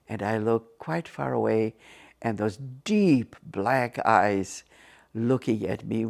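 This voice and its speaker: A woman's voice: a bass voice, creaky. A woman telling her faith testimony as an interview guest, vividly storytelling and acting out the dialogue she recalls.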